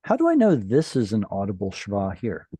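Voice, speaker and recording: A man's voice: fairly low pitch, huge pitch swings, normal speed, mellow, husky, no room sound. A man teaching a Hebrew class over a video call, patiently explaining and quizzing his students.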